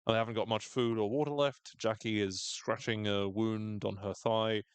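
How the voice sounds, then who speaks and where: A podcast co-host with a lowish, steady, smooth voice talks at normal speed, with no room sound. He recaps a show in casual conversation, joking around and often imitating characters in raised voices.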